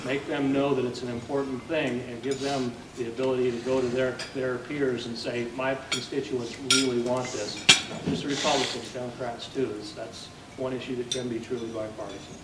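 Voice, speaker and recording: A man's voice: medium pitch, level tone, brisk, very noisy. A man hosting a policy luncheon, giving a plain, conversational introduction with frequent filler words. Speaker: event host introducing a speaker. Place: banquet hall at a lunch event. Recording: roomy, distant mic with clinking dishes.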